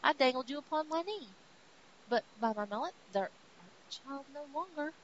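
A woman's voice: high voice, expressive, a little fast, pitched above the performer's own voice. A woman doing a gallant, flowery thunder god. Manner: archaic, flowery speech. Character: brooding young male thunder god, gallant. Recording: dull sound with faint hiss.

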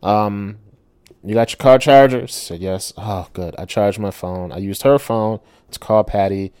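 A middle-aged man, a self-published author, telling a personal story in a casual monologue, animated and swearing with many rhetorical asides. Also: fairly low pitch, a little slow, clear, resonant tone, no room sound.

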